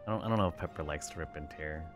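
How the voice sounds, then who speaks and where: A man's voice: extremely low pitch, very fast, music in the background. A man streaming a game, chatting playfully and rambling to his viewers and his pets. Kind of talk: casual gameplay stream chat.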